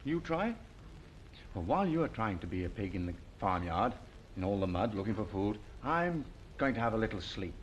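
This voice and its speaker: Lively low-voiced man presenting to children. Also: slight background noise. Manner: slow, coaxing, sing-song, invites the viewer to join in. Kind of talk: gentle presenting to young children. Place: television studio.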